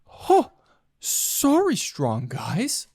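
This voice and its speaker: A man doing an impression of a cocky male comedian, in a high, drawn-out and mocking voice. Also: huge pitch swings, mellow, breathy edge, full character voice. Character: cocky swaggering male comedian, gym boaster. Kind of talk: celebrity impression.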